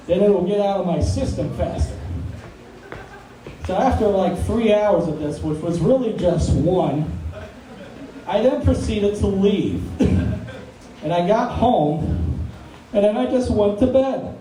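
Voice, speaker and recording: A man's voice: high voice, slow pace, a crowd in the background. Young man rambling through a stand-up story. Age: young adult. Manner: rambling, relaxed storytelling with fillers. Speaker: comedian. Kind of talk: stand-up comedy. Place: campus comedy venue. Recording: echoey room recorded from far away, background noise.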